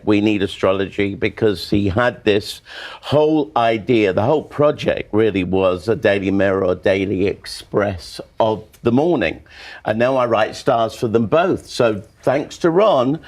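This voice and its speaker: A man's voice: lowish voice, unhurried, a little mellow. An older man, a guest astrologer, telling gushing theatrical anecdotes on a studio sofa. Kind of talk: casual studio chat.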